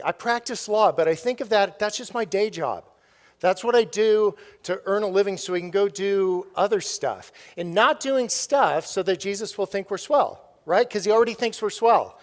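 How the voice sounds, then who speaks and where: A middle-aged man giving a playful, jokey storytelling keynote speech to an audience, laughing often. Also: sits high. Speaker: keynote speaker. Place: large hall with audience. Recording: live stage recording in a reverberant hall.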